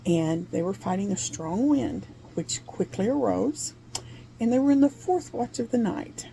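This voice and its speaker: Gravelly-voiced woman teaching scripture. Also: medium pitch, lively intonation, a little slow, warm tone, slight background noise. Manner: earnest, laughs between points; speaks to listeners with questions. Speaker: Bible teacher. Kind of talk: conversational Bible teaching.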